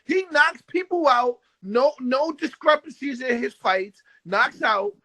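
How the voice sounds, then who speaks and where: A man's voice: extremely high pitch, expressive, a little slow, over a noisy crowd, low-quality recording. A man hosting a boxing talk panel, breaking in with questions and filler words in casual debate. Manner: questioning, interjects with "like" and "time out".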